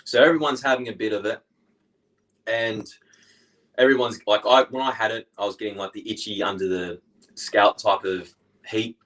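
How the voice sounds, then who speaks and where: A man's voice: lowish voice, fairly even intonation, moderate pace, long pauses, fairly bright tone, low-quality recording. A young man with an Australian accent, a guest in casual chat, rambling through his stories and laughing along.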